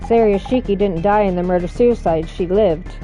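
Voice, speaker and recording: A woman reads out a mystery game's dialogue, shifting her voice for each character. Her reading is dramatic. Game music plays clearly behind her. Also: medium pitch, moderate pace, mellow. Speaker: let's play narrator reading all characters.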